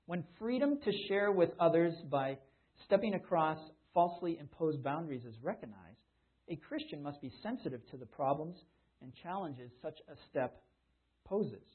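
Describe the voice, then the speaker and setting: Husky man preaching over a tinny line. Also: fairly high pitch, lively intonation, normal speed. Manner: conversational, with repeated restarts. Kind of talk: sermon. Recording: tinny phone-like sound.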